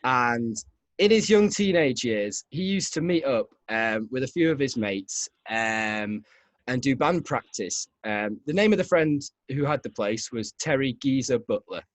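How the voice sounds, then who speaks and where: A man's voice: mid-range voice, animated, a little slow, dry recording. Man telling a rambling story. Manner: rambling, laughing. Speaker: podcast host. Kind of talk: casual storytelling chat.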